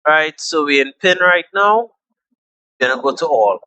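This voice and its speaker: Slow, bright-voiced casual tutorial guy. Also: on the high side, clean tone, no echo, muffled recording. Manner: relaxed, chatty, repeats himself and trails off with fillers. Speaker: tutorial host. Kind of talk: casual screen-recorded app tutorial.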